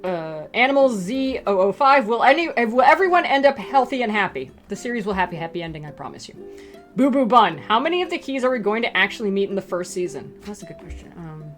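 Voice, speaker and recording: Woman creator rambling thru reader questions, lots of likes and ums, soft guitar in the back. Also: medium pitch, big pitch swings, fast. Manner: chatty, rambling, lots of fillers and asides. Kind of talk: casual Q and A chat.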